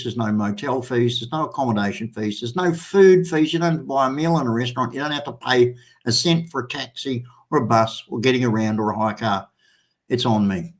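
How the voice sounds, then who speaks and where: Rambling Australian man in his sixties. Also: mid-range voice. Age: 60s. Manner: rambling, swears freely, many ums. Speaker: livestream host. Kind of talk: casual live-stream chat.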